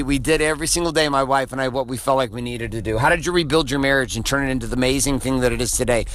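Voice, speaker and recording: A man's voice: mid-range voice, fairly bright tone. A middle-aged man delivering an intense, preachy motivational podcast monologue, swearing freely.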